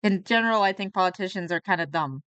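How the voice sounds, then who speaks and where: A streamer woman with a light Texan accent talks in a loose, chatty run of asides. Her voice sits at a middle pitch and sounds close and dry at a home desk mic. Nothing is staged; it is easy, rambling reaction talk. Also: fast, a bit bright, clear, resonant tone, dry recording, dull audio. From Texas. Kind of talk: casual reaction commentary.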